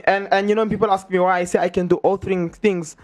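A man's voice: sits high, steady tone, quick pace. A man hosting a casual radio talk show, joking, boastful and a bit preachy.

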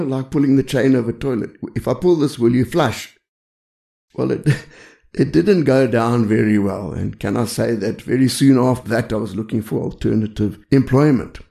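A man's voice: medium pitch, vocal fry, warm tone. An older man preaching a sermon with humor, telling stories in a conversational way and often adding "you see" as an aside. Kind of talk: storytelling sermon.

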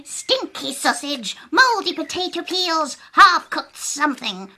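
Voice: high-pitched, very animated, takes it slowly, bright, forceful tone, exaggerated voice. A performer voicing a group of giggly, messy farm pigs in a children's audio story. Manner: squealy and giggly.

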